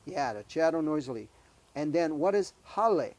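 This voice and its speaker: A man hosting a children's show, gently quizzing young guests and leading sing-alongs. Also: a little high, very animated. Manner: slow, gentle, quizzing kids. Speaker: host. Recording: music behind voice.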